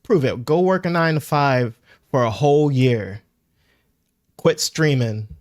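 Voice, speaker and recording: A reaction streamer with a medium-pitched, middle-register voice talks casually and a little slowly over a clip, teasing and goofing around. He's animated, putting on mocking voices for imagined streamers, and the sound is dry and close with no echo or room around it.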